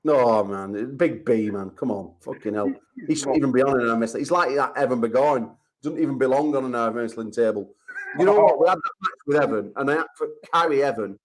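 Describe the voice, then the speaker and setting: A man's voice: medium pitch, fairly quick, poor audio. An English man hosting a call-in chat show, talking in brash, profane trash-talk banter. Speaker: host.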